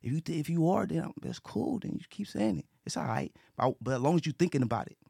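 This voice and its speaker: Man, gravelly, earnest casual talker, restarts and repeats. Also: on the high side, sing-song, fast talker, warm tone, no echo, studio quality. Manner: earnest, repetitive, with frequent restarts and profanity. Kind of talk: casual talk.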